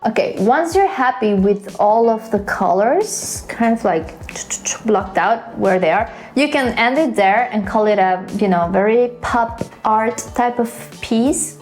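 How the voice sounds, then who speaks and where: A woman's voice: a little high, animated, measured pace, a little mellow, faint music behind. A woman hosting a casual drawing tutorial, chatty and playful, with self-mocking asides. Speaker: art tutorial host.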